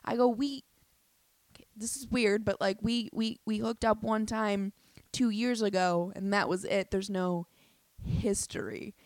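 A young woman telling a story in a casual, animated way, swearing often and restarting her sentences. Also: medium pitch, unhurried, no room sound. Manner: animated, profane, lots of fillers and restarts.

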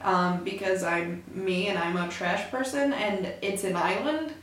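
Here a young woman runs her own podcast as a casual solo chat, rambling, putting herself down and cursing from time to time. She talks unhurriedly in a mid-range voice through a desk mic, at home in a room with the door open, and a little hiss or hum can be heard.

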